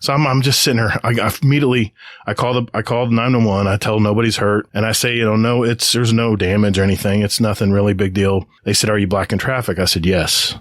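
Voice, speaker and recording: A quick-talking middle-aged American with a fairly low voice co-hosts a podcast, telling a story casually and acting out other people's voices along the way. It is an animated anecdote, recorded in studio quality on a podcast mic with no echo.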